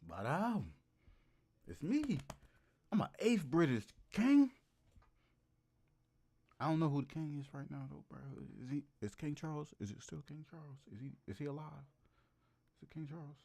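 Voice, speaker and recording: A man livestreaming and riffing comically to his chat, animated and hyped, repeating lines for laughs. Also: fairly high pitch, moderate pace, gravelly, long pauses, slightly rough. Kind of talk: casual comedic riffing to a live chat.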